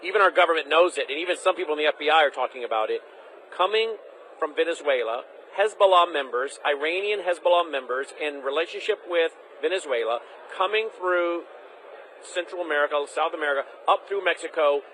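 A man's voice: a little high, animated, brisk, bright, forceful tone, a little hiss or hum, low-quality recording. A man hosting a political interview, insistent and repeating key phrases for emphasis. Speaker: interview host.

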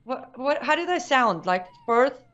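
High voiced woman guest, firm and emphatic, kinda dull lo-fi sound. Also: very animated, a little slow, fairly bright tone. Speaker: guest commentator. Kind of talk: talk show discussion.

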